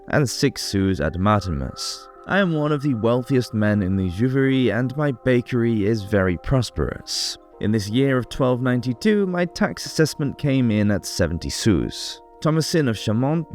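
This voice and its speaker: A man reading aloud in his own voice as a prosperous medieval Parisian master baker, calmly telling of his trade with pride. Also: mid-range voice, natural voice. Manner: calm first-person storytelling, proud of his trade.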